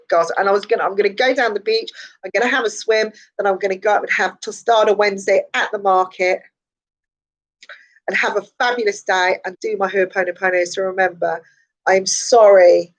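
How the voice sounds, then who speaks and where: Over poor audio, a woman acting as a psychic talks through a casual morning live stream in a mid-range, slightly hoarse voice. Her manner is chatty, repetitive and encouraging, with frequent laughter.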